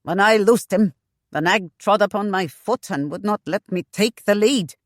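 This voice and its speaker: A woman's voice: medium pitch, normal speed, dry recording, studio quality, lightly acted. A woman voicing an elderly, portly father who wheezes and puffs as he blusters. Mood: indignant. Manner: wheezing, puffing.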